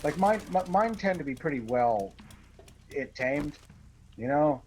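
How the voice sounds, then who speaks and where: A man's voice: on the high side, animated, a little slow. Swearing, ranting man on a noisy stream. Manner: profane, ranting, joking. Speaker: gamer on a group stream. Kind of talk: casual chat.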